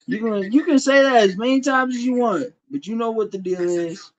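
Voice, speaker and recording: On a lo-fi livestream, a man from Champaign, Illinois, USA, with a very high-pitched voice argues heatedly with his chat at normal speed. He is profane, confrontational, and trash-talking.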